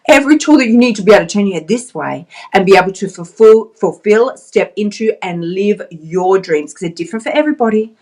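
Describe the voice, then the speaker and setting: A woman's voice: mid-range voice, expressive, brisk, few pauses, a little mellow. A woman vlogger and life coach giving a chatty, emphatic motivational pep talk to camera, laughing often.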